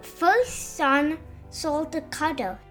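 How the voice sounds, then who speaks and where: A young boy with a high, bright voice reads out his poem slowly, word by word, as a woman puts him on. He is eager and curious, a child in a storybook. Soft music plays behind him. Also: expressive, full character voice. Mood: reciting.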